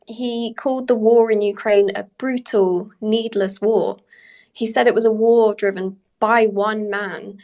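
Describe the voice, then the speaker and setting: A woman correspondent giving a measured, deliberate news analysis on a podcast. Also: mid-range voice, gravelly.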